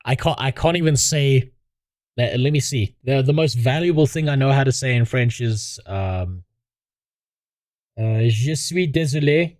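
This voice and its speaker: A foul-mouthed male streamer riffs on the videos he's watching, cursing freely and joking at his own expense. His voice is mid-pitched and sits in a dry, close-sounding space. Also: measured pace, long pauses, a little mellow, dry recording. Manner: crude, heavy swearing, self-mocking. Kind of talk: casual stream commentary.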